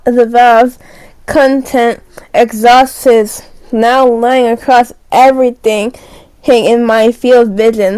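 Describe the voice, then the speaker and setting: A woman's voice: fairly high pitch, fairly even intonation, takes it slowly, darkish tone, smooth, no echo, rough recording. A young woman reading a dating sim aloud, stumbling over words and breaking into dramatic shrieks. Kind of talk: reading game text aloud with reactions.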